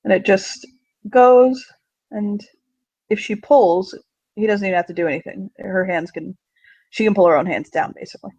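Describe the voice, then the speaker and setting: A man narrates his character's actions in a collaborative role-play, thinking aloud in a relaxed way. His voice is gravelly and husky. The dry recording sounds dull and lo-fi. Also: high-pitched, normal speed, no echo.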